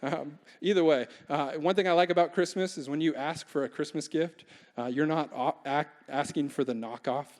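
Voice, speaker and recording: A young male pastor with a slightly high voice gives a conversational, joking sermon. His voice rings out with a long reverb in a large church hall. He often throws questions out to the congregation. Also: steady tone, moderate pace, darkish tone.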